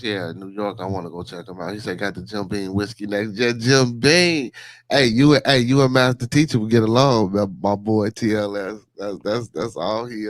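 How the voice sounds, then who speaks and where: A man's voice: fairly low pitch, no room sound. A man hosting a casual livestream podcast, greeting viewers and rambling loosely with repeated phrases. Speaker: podcast host.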